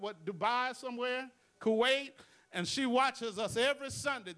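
A man's voice: very high-pitched, sharp tone. A male pastor, preaching to his congregation with call-and-response asides. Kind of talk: sermon. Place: church sanctuary.

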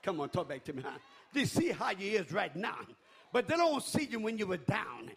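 Hollering preacher with a gravelly high voice. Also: male voice, very animated, normal speed. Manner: shouting, whooping preaching with call-and-response. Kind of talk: sermon.

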